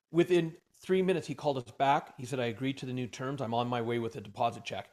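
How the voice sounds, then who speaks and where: A man, a podcast guest, telling a story in a lively way and acting out the voices of the people in it. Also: mid-range voice, brisk. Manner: animated storyteller, acts out dialogue.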